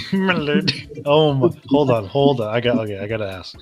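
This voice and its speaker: A man's voice: mid-range voice, fast, over loud music. Teasing, laughing male podcast co-host. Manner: laughs often, teasing questions. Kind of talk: casual chat.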